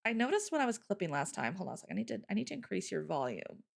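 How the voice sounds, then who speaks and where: A woman hosting a live stream, chatting casually, loud and laughing often. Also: mid-range voice, very animated, very fast, gravelly. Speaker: streamer host.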